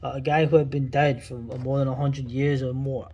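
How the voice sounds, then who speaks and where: Talking through old cartoons, this New York–accented host in his forties offers blunt, rambling commentary full of asides and tag questions. His mid-range voice is mellow and level at normal speed, and the recording has its highs cut off.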